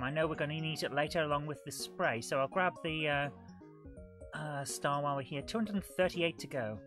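A woman talks a live retro game stream, chatty and self-mocking as she greets viewers in the chat. Her voice is bright and forward, with faint music playing behind her. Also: low-pitched. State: coughing and out of breath. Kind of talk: live gameplay commentary.

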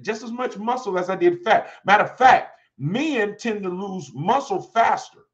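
A man's voice: sits high, moderate pace, highs cut off. A man in his forties teaching from the Bible to his congregation, loose and conversational, often checking in with "all right?". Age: 40s. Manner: lively, talks to the congregation, repeats "all right?". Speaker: pastor. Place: church.

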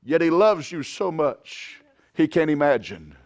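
A man preaching a sermon as pastor, swinging from quiet, drawn-out lines to loud shouted climaxes. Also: fairly high pitch, big pitch swings. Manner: impassioned preaching, rising to shouts.

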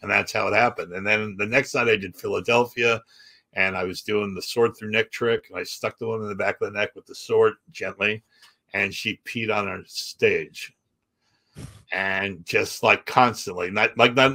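A man, a comedian and magician, telling stories in a casual interview and acting out the people in them. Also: fairly low pitch. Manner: animated anecdotes with acted-out quotes and laughs.

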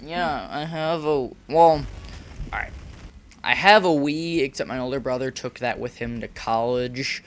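A teenage boy streaming live, chatty, talking in quick bursts and laughing often. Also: mid-range voice, a bit bright, a little hiss or hum. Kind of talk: casual live-stream chat.

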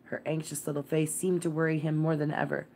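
Low voiced lady reading a storybook aloud at bedtime, gentle and steady. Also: slight background noise. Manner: gentle, measured storybook narration. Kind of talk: bedtime read-aloud of a classic novel.

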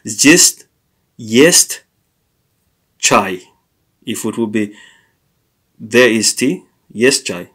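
A man teaching a language lesson, explaining grammar in a hesitant way with many pauses, fillers and self-corrections. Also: on the low side, expressive, fairly bright tone, breathy edge.

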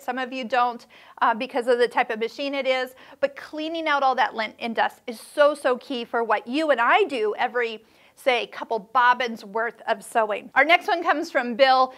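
Chatty middle-aged woman host with a high voice, casual sewing-tips vlog delivery, reassuring and playful. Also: a bit bright.

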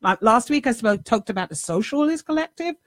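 Animated New woman telling a story. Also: on the high side, fairly quick, no echo, clean studio sound. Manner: animated storytelling, swears, acts out dialogue. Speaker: life coach and show host. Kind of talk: casual monologue.

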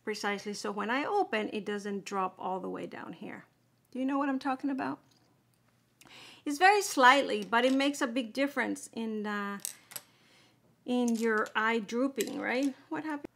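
A woman's voice: a little high, moderate pace, vocal fry, a bit bright. A woman chatting casually through a makeup tutorial, explaining each step as she applies it. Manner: chatty, explaining steps while applying makeup. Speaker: beauty vlogger.

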